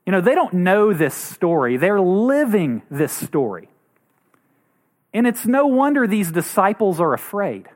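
A man's voice: very animated, measured pace. A man preaching a sermon as pastor, earnest, acting out quoted voices now and then. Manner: earnest, acts out quoted voices with rising pitch.

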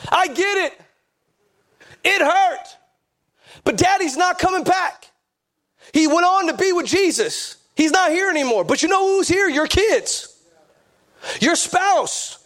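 High-voiced preaching man. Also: lively intonation, slow pace, pauses often, fairly bright tone. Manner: preachy, emphatic repetition. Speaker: pastor. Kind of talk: sermon.

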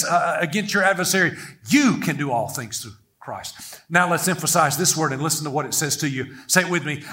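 High, bright-voiced energetic male preacher. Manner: energetic, playful, leads the congregation in call-and-response. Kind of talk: sermon.

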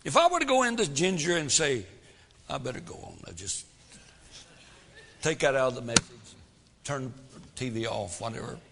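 A man's voice: mid-range voice, sing-song, moderate pace, long pauses, fairly bright tone, big-room sound. A man preaching a sermon as pastor, folksy, full of rhetorical questions, swelling and dropping for drama.

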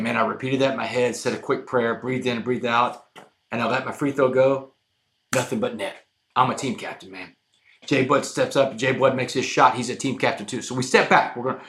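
With roomy echo around him, a man from Texas, USA, appearing as a guest, tells a dramatic personal tale at medium pitch. He stays animated, speaks to the host often, and uses "man" a lot.

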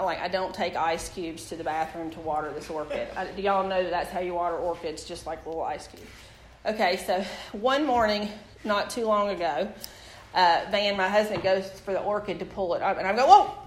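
A woman's voice: fairly low pitch, fairly quick. A woman, preaching and telling a personal testimony, talking straight to her audience. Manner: storytelling, animated, addresses the audience directly. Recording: echoey room with faint background noise.

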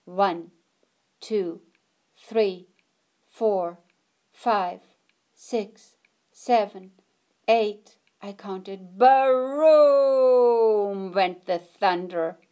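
A woman reading a picture book aloud in a gentle, expressive storytelling manner. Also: medium pitch, extremely slow, pauses often.

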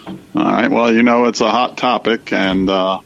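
A man co-hosting a casual political talk show, speaking in a measured, conversational way with fillers. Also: lowish voice, fairly even intonation, creaky, dull audio. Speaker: podcast co-host.

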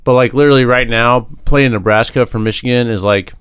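Relaxed man co-host, smooth resonant voice, dry close sound, casual sports chat. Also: medium pitch, a little fast, dry recording. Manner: relaxed, conversational, uses filler "like". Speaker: podcast co-host.

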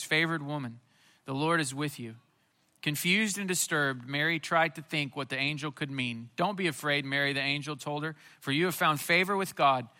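Bright-voiced man preaching a sermon. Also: on the high side, clear, resonant tone. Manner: earnest preaching, repeats phrases for emphasis. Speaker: pastor. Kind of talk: Christmas Eve sermon.

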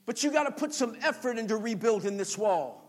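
A male pastor preaching a sermon, emphatic and repetitive, building to forceful calls. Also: high-pitched, lively intonation, fairly quick.

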